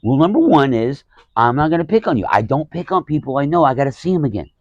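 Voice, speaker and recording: A man's voice: on the high side, sing-song, fast, dry recording, muffled recording. A man, a stand-up comedian hosting his own podcast, telling a story in a rambling, profane way with many restarts and acted-out quotes. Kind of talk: casual storytelling monologue.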